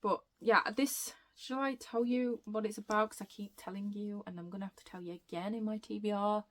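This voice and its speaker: Excitable woman gushing about books. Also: medium pitch, brisk. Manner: excitable, gushing, rambling with self-interruptions. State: out of breath. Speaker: book vlogger. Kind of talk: casual chatty book review.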